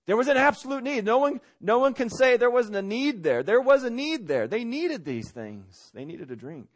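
A man preaching a sermon from a church stage, conversational, swinging between loud emphasis and quiet asides. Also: fairly high pitch. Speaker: pastor.

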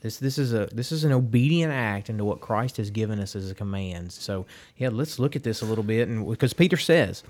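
A man's voice: lowish voice, lively intonation, a little fast, hardly any pauses, darkish tone. A man hosting a casual theology podcast, speaking hesitantly and repeating words as he thinks.

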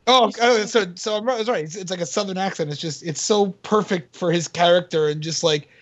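A man co-hosting a casual comedy podcast, excitable and joking, who slips into funny impressions. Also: high-pitched, fairly quick, no echo, muffled recording. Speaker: podcast co-host.

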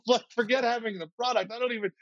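A man guest on a podcast, telling an animated story in casual speech, acting out other people's lines and tripping over repeated words when excited. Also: extremely high pitch, a little fast, no room sound. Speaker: podcast guest, startup founder. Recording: slightly muffled, dry.

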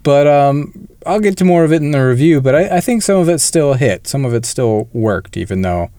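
A man's voice: medium pitch, lively intonation, fairly quick, dark tone, no echo. A man co-hosting a film podcast, explaining things in a casual, conversational way. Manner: conversational, explanatory, occasional laughs. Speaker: podcast co-host. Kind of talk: casual film review chat.

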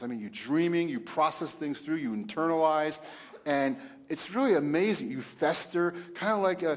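A middle-aged man with a fairly high voice talks about marriage in a loose, animated way, quoting scripture and breaking into loud bursts and laughs. His voice trails off into a long reverb. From Italian heritage. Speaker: pastor and host. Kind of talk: casual marriage talk with scripture.

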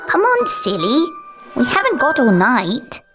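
A man's voice: very high voice, huge pitch swings, unhurried, loud music behind the voice, pitched above the performer's own voice, exaggerated voice. A man voicing an eerie, giggling little girl in a horror story, with a sing-song, teasing manner. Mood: eerie playful.

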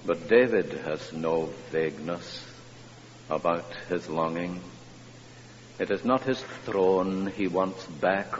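A preacher delivers a sermon in a slow, deliberate voice, his delivery climbing to high, impassioned peaks. He is a man with a fairly low-pitched voice. The recording is dull and a little muffled, with a long church reverb and a faint hum underneath.

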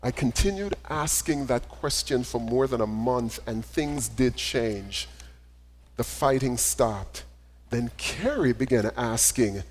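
Male pastor, mid-pitched, storytelling sermon delivery in a church with long reverb. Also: animated, slow pace. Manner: reads a story aloud, then preaches with gentle repetition. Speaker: preacher. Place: church sanctuary. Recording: echoey hall reverb.

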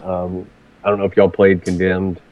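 A man's voice: deep voice, monotone, normal speed, highs cut off. A man chatting casually about games, often repeating words as he starts sentences. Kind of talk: casual chat.

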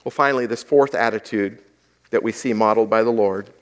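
A male pastor preaches conversationally, putting rhetorical questions to the congregation. His voice is on the low side, and he speaks briskly.

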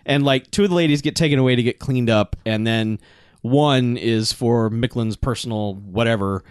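A man's voice: medium pitch, moderate pace, clean tone, dry recording, clean studio sound. A man chatting about a movie with friends, making wry asides and laughing often. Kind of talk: casual movie recap chat.

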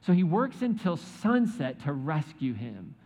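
A pastor preaches a sermon, retelling a scripture story with joking asides and acted-out quotes. His fairly high, darkish voice is very animated but measured in pace. The recording has an echoey hall and dull sound.

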